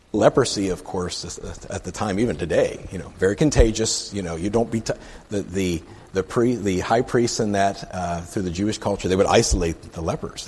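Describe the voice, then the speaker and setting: A man's voice: low voice, darkish tone, slightly rough, in a large hall. A man reading scripture aloud and explaining it in a casual, conversational teaching style, checking in with listeners as he goes. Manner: conversational, asks "right?" often, reads scripture aloud then comments. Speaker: preacher.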